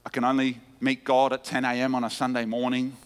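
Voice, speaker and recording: A man preaching a teaching sermon, emphatic, with wide swings of pitch and loudness. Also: monotone, brisk, clear, resonant tone. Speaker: pastor. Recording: long hall reverb.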